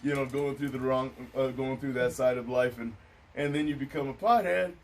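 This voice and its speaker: Man of middle pitch, host, loose and reflective, off-mic with light hiss. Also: steady tone, normal speed. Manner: laid-back and musing, with many filler phrases. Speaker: podcast host. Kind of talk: casual stoner chat. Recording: distant mic with faint noise.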